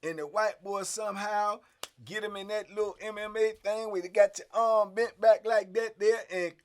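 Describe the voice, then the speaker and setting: A middle-aged man telling a story in casual streetwise slang, animated and acting out the scenes. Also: sits high, unhurried, a little hiss or hum.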